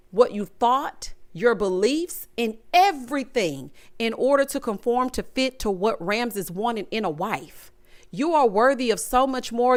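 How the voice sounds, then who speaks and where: A woman giving emphatic, sassy commentary on a reality dating show, talking straight to the people in it and acting out their quotes. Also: a little high. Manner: acts out quotes in shifting voices. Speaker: recap vlogger.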